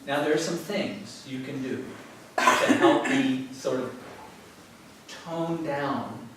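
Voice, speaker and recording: A man giving a relaxed, conversational spiritual talk to a yoga class, telling stories and chuckling often. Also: mid-range voice. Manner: conversational, storytelling with frequent chuckles. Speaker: teacher. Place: yoga studio. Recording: very echoey room from far off, faint noise.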